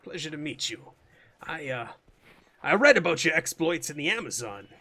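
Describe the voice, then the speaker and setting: A man voicing a short, courteous middle-aged male book publisher who speaks softly. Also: on the high side, sing-song, moderate pace, heavily acted.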